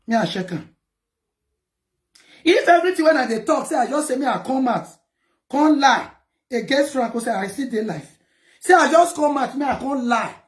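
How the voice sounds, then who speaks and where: Scolding Nigerian woman, high-pitched. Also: animated, normal speed, long pauses, roomy sound. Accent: Nigerian Pidgin. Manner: defiant, scolding, repetitive. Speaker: vlogger. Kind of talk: heated personal rant to viewers.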